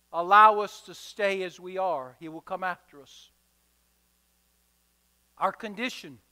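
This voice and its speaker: A man's voice: high voice, sharp tone, clean tone. A man preaching a sermon, driving his points home with rhythmic, emphatic repetition. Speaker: pastor. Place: church sanctuary. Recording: reverberant church hall.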